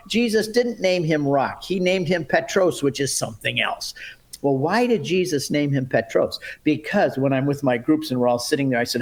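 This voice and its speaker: A middle-aged man teaching about the Bible in a lively storytelling way, acting out the quotes and turning aside to his listeners. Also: on the high side, fairly quick. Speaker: Bible teacher and pilgrimage guide.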